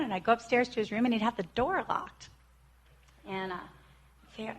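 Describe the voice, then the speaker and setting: A woman's voice: fairly high pitch, animated, moderate pace. A woman in her forties tells her personal recovery story in an earnest, heartfelt way. She keeps acting out the voices of the people she quotes. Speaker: recovery speaker.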